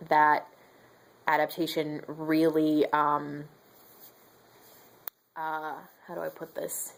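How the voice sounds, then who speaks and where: A young woman giving a casual, opinionated book review, chatty, with lots of fillers and animated retellings of scenes. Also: deep voice.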